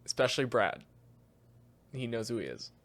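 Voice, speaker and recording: A man's voice: mid-range voice, very animated, normal speed, a bit bright. A young man co-hosting a podcast, chatting casually and acting out both sides of his work stories. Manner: storytelling, acts out both sides of conversations. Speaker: podcast co-host. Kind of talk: casual chat.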